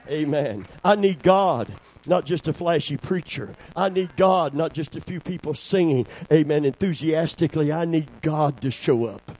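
A man's voice: on the high side, mellow. A man preaching a sermon, calling for amens and breaking into song. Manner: call-and-response, asks congregation for amens.

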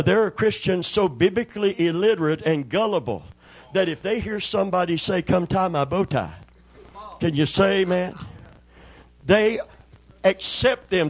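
An older man preaching a sermon, telling folksy stories and acting out the voices in them. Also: a little high. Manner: folksy storyteller, acts out voices in anecdotes. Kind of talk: sermon with storytelling.

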